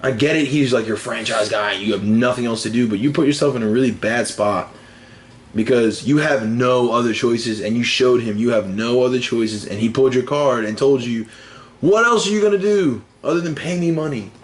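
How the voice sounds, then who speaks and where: A man's voice: mid-range voice, fairly even intonation, normal speed. A young man co-hosting a casual sports podcast, rambling and telling stories with frequent laughs. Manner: rambling, laughs often, storytelling. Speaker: podcast co-host.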